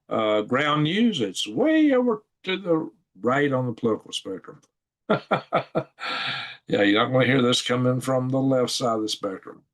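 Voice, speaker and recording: Rambling chuckling man. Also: medium pitch. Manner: rambling, chuckling, thinking aloud. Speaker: channel host reading news articles. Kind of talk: casual screen-share news commentary. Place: at home at a computer.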